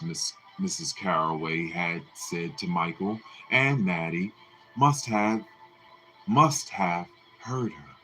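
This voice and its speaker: Male narrator, lowish voice, slow and expressive, live book reading. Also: soft background music, rough recording. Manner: expressive, deliberate storytelling.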